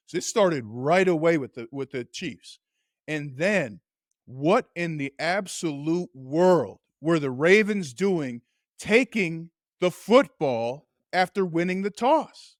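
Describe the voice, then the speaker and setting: A man co-hosting a sports podcast, a former football player telling game stories in animated, emphatic casual chat. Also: fairly high pitch, takes it slowly, dry recording, studio quality.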